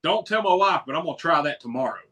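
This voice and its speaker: A man's voice: on the high side, animated, quick pace, pushed and bright. A man co-hosting a radio show, teasing and joking in casual chat. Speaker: radio co-host.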